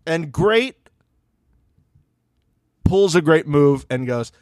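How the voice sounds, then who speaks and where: A man's voice: on the high side, expressive, drawn-out words, darkish tone, no room sound, clean studio sound. A man co-hosting a podcast, recapping reality TV in casual chat and mimicking people in playful voices. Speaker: podcast co-host.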